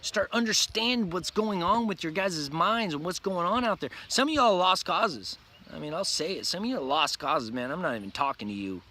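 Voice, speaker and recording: Intense high-voiced ranting man. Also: animated, normal speed, pushed and bright. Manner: profane, intense, repetitive, preachy. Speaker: vlogger. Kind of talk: ranting vlog monologue.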